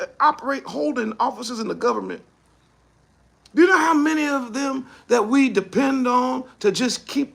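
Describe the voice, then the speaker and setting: High, gravelly man ranting forcefully. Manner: mocking rhetorical questions, acts out imagined speakers; forceful, often shouting. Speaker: ministry speaker. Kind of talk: impassioned commentary monologue.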